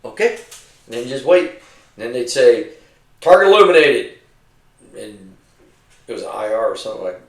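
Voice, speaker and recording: A man's voice: mid-range voice, a little fast, long pauses. A middle-aged man, a retired army veteran, telling profane stories over drinks and acting out the voices of the men he served with. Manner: profane, animated storyteller acting out his comrades' voices. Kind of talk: casual storytelling over drinks. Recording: roomy, mic at a distance.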